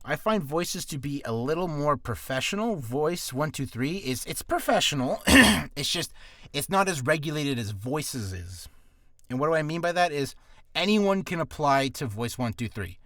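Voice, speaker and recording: A man's voice: fairly high pitch, sing-song, moderate pace, a bit bright, no echo, clean studio sound. A man teaching voice acting in a casual tutorial, rambling with asides and poking fun at himself. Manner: rambling and self-deprecating, full of asides.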